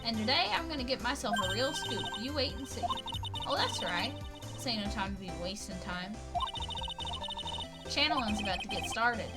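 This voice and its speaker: A woman voicing a brash, loud, Southern country gal photographer with a folksy, pushy way of talking, in a Southern US accent. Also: fairly high pitch, expressive, normal speed, loud music behind the voice, close to an everyday voice.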